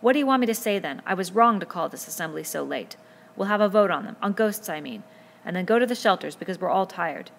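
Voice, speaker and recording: A woman's voice: lowish voice, expressive, quick pace, creaky, slight background noise. A woman voicing an earnest boy leader who speaks insistently in an audiobook reading.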